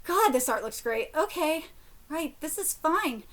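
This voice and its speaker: High bright voice, woman streamer, gets loud and hyped reading manga. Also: a little slow. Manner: excitable, yells at dramatic panels. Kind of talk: live reaction, reading aloud.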